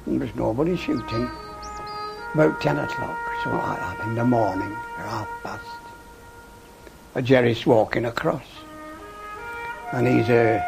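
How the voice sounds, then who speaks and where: An older veteran man telling his story in an archive interview, lively and acting out remembered shouts. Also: mid-range voice, creaky. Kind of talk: archive oral-history interview.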